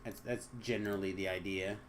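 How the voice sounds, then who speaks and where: A young man chatting casually with viewers on a live game stream, joking and trailing off into quiet asides. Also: sits low, fairly even intonation, brisk, a little hiss or hum.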